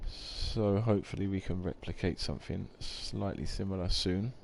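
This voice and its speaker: A man's voice: low voice, normal speed, vocal fry, a little hiss or hum. A man, chatting casually on a live game stream, rambling and reading out viewer comments.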